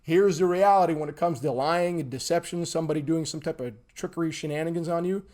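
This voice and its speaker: Guy teaching on a livestream, pretty emphatic, acts stuff out, voice a bit on the high side, always going "okay? all right?". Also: fast. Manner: animated, acts out examples. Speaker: instructor. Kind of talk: livestream lesson.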